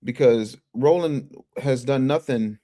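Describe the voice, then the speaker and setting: A man hosting a casual livestream, reading viewer chats and commenting in an animated, emphatic way that repeats phrases and restarts often. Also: medium pitch, slow pace. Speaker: livestream news commentary host.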